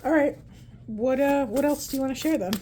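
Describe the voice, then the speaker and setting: A woman's voice: high-pitched, brisk, mellow, a little hiss or hum. A woman giving a casual, meandering tarot-style card reading at home, talking aloud to spirit as she goes. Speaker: tarot reader.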